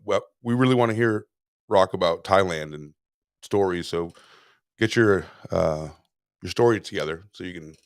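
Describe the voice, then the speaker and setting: Brief: relaxed male co-host, lowish voice, dry mic, crude casual banter. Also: clear, resonant tone, no room sound. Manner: laughing, loose, crude banter. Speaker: podcast host. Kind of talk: casual chat.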